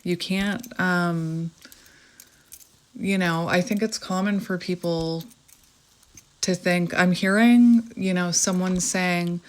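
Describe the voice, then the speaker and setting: A woman's voice: on the low side, fairly even intonation, slow, pauses often. A woman in her thirties with a Canadian accent, giving a reflective, meandering spiritual tarot reading to her viewers. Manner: gentle, reflective, meandering with fillers. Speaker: tarot reader.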